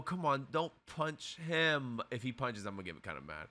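A man giving casual reaction commentary while watching an anime, excitable and full of profane slang. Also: medium pitch, moderate pace, hardly any pauses.

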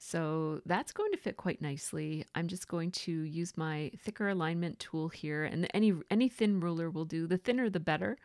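A woman chatting casually in a voice-over as she narrates her scrapbooking process, rambling a little and filling pauses with fillers. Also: on the low side, darkish tone, no echo, studio quality. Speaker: scrapbooking vlogger.

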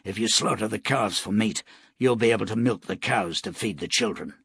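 A man's voice: lowish voice, a little fast, creaky, slightly rough, dry recording, full character voice. A man doing a laconic frontier gunman. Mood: matter-of-fact. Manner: quiet, matter-of-fact, clipped. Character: laconic, hard-bitten male frontier gunman.

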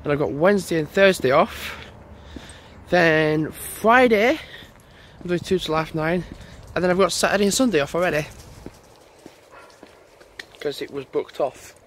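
Slow-talking man, higher voice, rambling walk-and-talk vlogger, wind and road traffic behind. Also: fairly bright tone. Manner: rambling, thinking aloud. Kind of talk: casual walking vlog chat. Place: outdoors on a lane by a busy road. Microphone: handheld camera while walking. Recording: wind and traffic noise outdoors.

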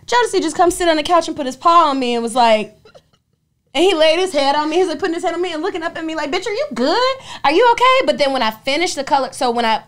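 Casting note: young woman podcast co-host, high voice, swears freely, acts out everyone in her stories. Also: very fast. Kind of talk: casual podcast storytelling.

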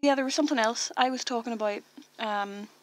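A Northern Irish woman co-hosting a casual podcast chat, her voice pitched a little high. She tells stories freely and keeps talking to fill every pause. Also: a little hiss or hum. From Northern Ireland. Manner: chatty storyteller, fills every gap with talk. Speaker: podcast co-host.

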